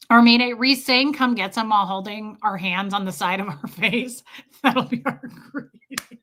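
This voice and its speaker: Woman, live-stream chat, bright tense voice, laughs a lot, greets viewers. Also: fairly high pitch. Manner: chatty, laughs often, greets viewers by name.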